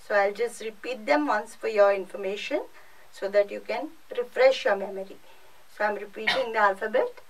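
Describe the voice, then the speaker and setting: A woman's voice: on the high side, recorded from a distance, low-quality recording. A female French teacher with an Indian English accent, giving a recorded class lesson and explaining patiently with lots of repetition.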